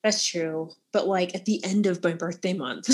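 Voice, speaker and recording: Husky, lower-voiced woman chatting. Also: fairly even intonation, a little slow, a little mellow. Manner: laughs often, amused, sighs. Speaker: podcast co-host. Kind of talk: casual chat about books.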